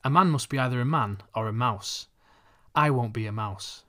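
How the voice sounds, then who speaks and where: A man voicing a thin, money-minded schoolboy who talks calmly and deliberately. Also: mid-range voice, close to an everyday voice. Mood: calculating. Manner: calm, calculating, deliberate.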